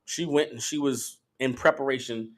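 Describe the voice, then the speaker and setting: A man's voice: medium pitch, moderate pace. A man teaching scripture, emphatic and profane, checking in with his listeners. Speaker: Bible teacher. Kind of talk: call-and-response scripture teaching.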